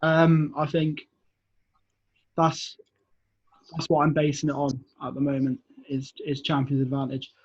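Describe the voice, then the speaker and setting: Husky male wrestler, rambling and repeating himself, lo-fi recording. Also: on the high side, completely flat delivery, a little slow, pauses often. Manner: thinking aloud, repeats words. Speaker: wrestler guest. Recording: dull lo-fi audio.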